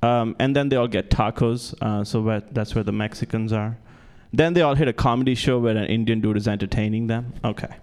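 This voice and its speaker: A man's voice: fairly low pitch, a little fast, few pauses, a little mellow. Stammering man doing stand-up. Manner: self-deprecating, stammering restarts. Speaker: stand-up comedian. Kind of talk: stand-up comedy set. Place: comedy club stage with live audience. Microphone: handheld stage mic.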